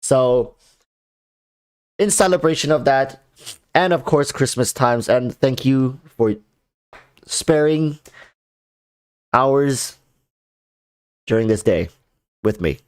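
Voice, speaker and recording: A man's voice: mid-range voice, expressive, takes it slowly, pauses often, darkish tone. Male livestreamer, congested and nasal, loose chatty delivery. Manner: chatty, often restarts his sentences. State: congested sinuses. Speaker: game streamer. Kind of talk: casual livestream commentary.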